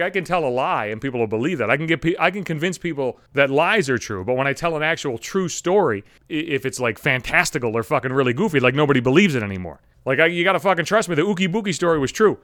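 Fast-talking, profane male podcast host. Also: fairly high pitch, no room sound, studio quality. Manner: rambling, heavy swearing, animated retelling. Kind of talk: profane solo podcast storytelling.

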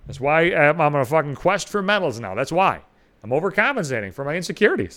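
A man hosting his own podcast, ranting in a profane comic monologue with lots of swearing. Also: quick pace. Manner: rants with heavy swearing, animated swings in pitch. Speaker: podcast host.

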